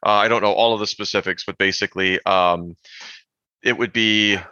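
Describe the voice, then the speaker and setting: A man co-hosting a podcast, chatting casually and rambling about language with animated asides. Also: on the low side, normal speed, clear, resonant tone, no room sound, muffled recording. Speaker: podcast co-host. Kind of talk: casual chat.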